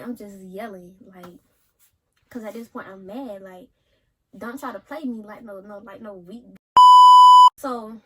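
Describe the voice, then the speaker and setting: A young woman tells a storytime, and her voice has a husky grain. She talks casually and jumps into quoted lines with a lot of life. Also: mid-range voice. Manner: animated retelling, acts out quotes, yells some lines. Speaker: vlogger.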